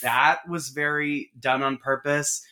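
A man's voice: a little high, steady tone, slow pace, sharp tone, clear, resonant tone. A young man co-hosting a podcast, chatting bluntly about a movie and swearing freely. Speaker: podcast co-host. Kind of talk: casual movie chat.

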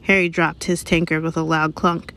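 Woman reading a storybook aloud, measured. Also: low voice, little pitch movement, a bit bright, slight background noise. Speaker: reader. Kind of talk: read-aloud audiobook narration.

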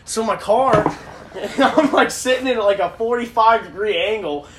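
A man's voice: high-pitched, measured pace, noisy background. A young man, a podcast co-host, telling a casual profane story with frequent laughter.

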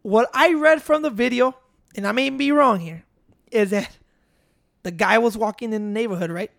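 A man's voice: very high-pitched, normal speed, creaky, fairly bright tone, dry recording, studio quality. A man telling a story in casual chat, rambling and swearing with street slang.

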